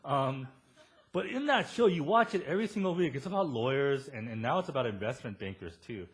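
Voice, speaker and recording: Male pastor, chatty sermon delivery with humor, very animated intonation. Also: medium pitch, fairly quick. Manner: conversational, joking with the congregation. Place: church service before a congregation.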